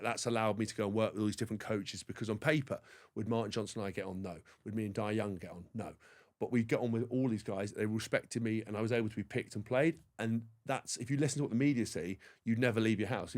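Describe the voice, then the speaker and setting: A man in his forties, a former rugby player from England, telling rambling, animated stories as a podcast guest. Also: fairly low pitch. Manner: rambling, animated anecdotes with frequent restarts. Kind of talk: casual interview storytelling.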